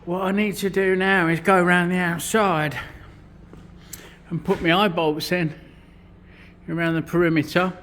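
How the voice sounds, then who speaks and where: A man's voice: high-pitched, flat delivery, measured pace, fairly bright tone, slight background noise. A man, chatting bluntly and swearing a lot as he explains his metalwork in a vlog. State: out of breath at times. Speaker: vlogger and metal fabricator. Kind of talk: casual workshop vlog narration.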